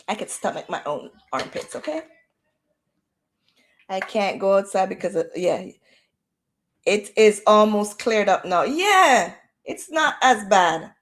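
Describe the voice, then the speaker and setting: A middle-aged woman chatting casually on her livestream, animated and drifting into patois. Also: mid-range voice, measured pace, pauses often. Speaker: livestream host. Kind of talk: casual chat. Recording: echoey room.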